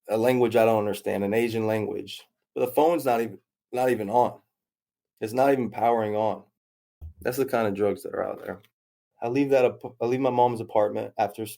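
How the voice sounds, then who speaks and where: A man tells his story candidly, doubling back on himself and acting out the voices of the people in it. His voice sits on the low side, with a mellow, relaxed tone. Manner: rambling, self-interrupting retelling with quoted dialogue. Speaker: interview guest.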